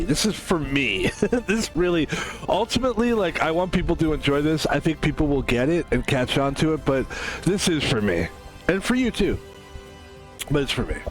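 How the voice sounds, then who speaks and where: A man talking through a casual solo stream with a slightly high voice. He rambles from topic to topic, swears freely and tosses in jokey asides. Faint music plays underneath. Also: expressive, normal speed. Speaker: game streamer.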